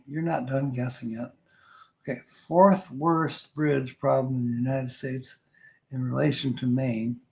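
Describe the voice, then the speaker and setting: A man's voice: mid-range voice, creaky, darkish tone, poor audio. An older man hosting a casual live stream, reading viewer comments aloud and joking with a frequent chuckle.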